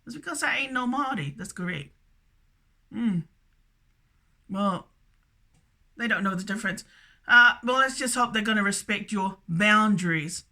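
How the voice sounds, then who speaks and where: Nz lady rambling on to camera, super bright sharp voice, stutters and repeats herself a lot. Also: medium pitch, lively intonation, a little slow, pauses often. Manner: repetitive, stammering, keeps saying "that's correct". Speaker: video blogger. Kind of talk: rambling solo monologue to camera.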